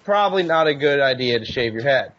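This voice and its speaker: A man's voice: medium pitch, lively intonation, fairly quick, fairly bright tone. A man co-hosting a podcast, teasing his friends with crude jokes in casual chat. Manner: teasing, crude joking storyteller. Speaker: podcast co-host. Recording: dull lo-fi podcast audio.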